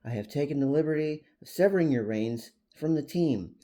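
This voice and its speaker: A man voicing a wise, formal male great horned owl who speaks in a precise, measured way in a read-aloud storybook. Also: fairly high pitch, animated, dark tone, lightly acted.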